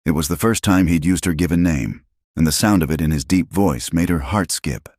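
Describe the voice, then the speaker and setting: A man with an extremely deep voice narrates a western tale in a steady, scripted storybook style. The sound is close and dry, with no room around it. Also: fairly quick, few pauses, no room sound.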